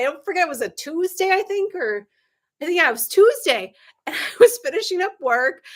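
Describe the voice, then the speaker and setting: A middle-aged woman business coach hosting a live stream, telling anecdotes with lively acted-out dialogue, frequent ums and sarcastic laughs. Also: normal speed. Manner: animated storyteller, acts out quoted dialogue with big pitch jumps.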